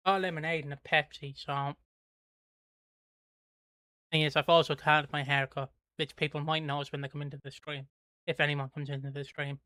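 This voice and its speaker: A British streamer talks through a casual live-watch in a flat, even voice that stays smooth and clean. He mutters half to himself and drops the odd swear word. The sound is dry and close. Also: medium pitch, normal speed, pauses often, no room sound. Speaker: livestream host.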